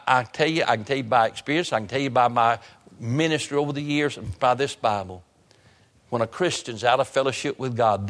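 Brief: male pastor, sermon delivery, repeats lines and drags key words, long church reverb. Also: medium pitch. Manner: preaching with repetition and sudden slow emphasis. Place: church sanctuary.

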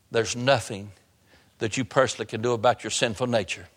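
A man's voice: medium pitch, fairly even intonation, fairly bright tone. Brief: male pastor, sermon delivery, repeats lines and drags key words, long church reverb. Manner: preaching with repetition and sudden slow emphasis. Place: church sanctuary.

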